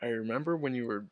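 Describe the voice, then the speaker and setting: A young man chatting casually with friends on a podcast, giggly and sheepish, with lots of quick agreement. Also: mid-range voice, no echo. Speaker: podcast guest. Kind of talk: casual chat among friends.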